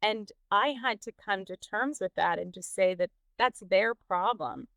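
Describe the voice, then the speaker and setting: A woman's voice: mid-range voice, unhurried, gravelly, fairly bright tone, dry recording. A woman from Texas hosting a podcast, talking candidly with frequent laughs and restarts. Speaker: podcast host. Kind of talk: casual interview chat.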